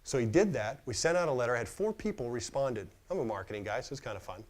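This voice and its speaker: Middle-aged male speaker, lively storyteller, plays out the dialogue himself. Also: medium pitch, fast talker, hardly any pauses. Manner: animated storyteller acting out quoted dialogue. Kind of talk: storytelling talk.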